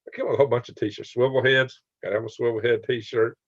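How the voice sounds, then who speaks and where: A man's voice: medium pitch, fairly even intonation, fast, no room sound. A man hosting a late-night livestream, joking, laughing often and reading chat comments aloud. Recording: dry, slightly dull sound.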